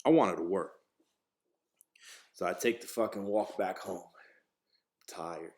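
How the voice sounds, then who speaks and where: Profane, animated man telling a story. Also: sits low, takes it slowly. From New Jersey, USA. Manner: profane, animated, acts out quoted voices. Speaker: podcast host. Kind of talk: casual storytelling.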